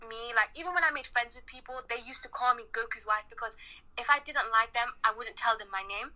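Fast-talking young northern English woman. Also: a little high, pushed and bright, low-quality recording. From northern England. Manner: rambling, quick, giggly, trailing off. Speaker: small bakery business owner, guest. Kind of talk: casual podcast chat.

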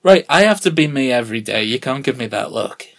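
A man's voice: medium pitch, animated, brisk, creaky, fairly bright tone. A man co-hosting a casual podcast, teasing his co-host with jokes and puns. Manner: teasing, joking banter with puns.

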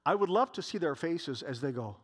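A man's voice: on the high side, animated, fairly quick, fairly bright tone, breathy edge. A man preaching a sermon to a congregation in a church, emphatic and repeating his key phrases.

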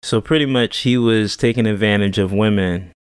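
A man in his thirties co-hosts a casual chat in a wry, joking way. His voice is mid-pitched. The sound is close and dry, with no room echo. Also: normal speed, smooth. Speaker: podcast co-host.

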